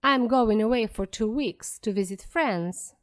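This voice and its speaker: A woman's voice: fairly high pitch, unhurried, lightly acted. A woman reading the lines of a stern, cold young clergyman in a storybook, firm and commanding. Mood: cold, insistent.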